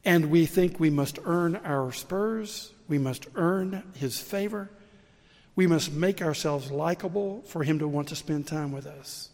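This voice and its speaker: A man's voice: a little high, measured pace, creaky, darkish tone, long reverb tail. A man preaching a sermon, telling a story in an earnest way and acting out the quoted lines. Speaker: pastor.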